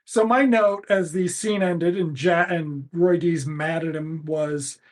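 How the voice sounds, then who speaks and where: A man's voice: a little high, steady tone, slow pace, hardly any pauses. A man co-hosting a podcast, recapping a TV episode in a casual, profane, sarcastic and joking way. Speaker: podcast co-host.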